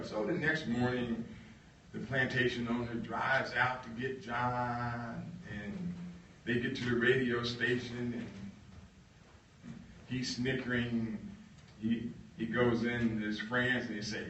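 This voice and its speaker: Brief: bright-toned male author at a lecture, heard from across a roomy hall with faint hum. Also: medium pitch, slow, distant mic, dull audio. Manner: animated, acts out voices. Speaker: author giving a talk. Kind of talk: lively storytelling lecture.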